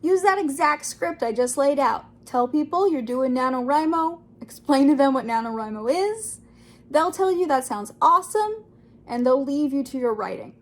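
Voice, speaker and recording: Young woman, high and bubbly, chatty writing vlogger. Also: animated, moderate pace. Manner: bubbly, acts out quoted voices. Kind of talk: casual talk to camera.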